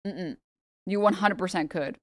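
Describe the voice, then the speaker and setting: A woman's voice: on the low side, moderate pace. Blunt, profane American woman streamer. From United States. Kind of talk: casual reaction stream chat.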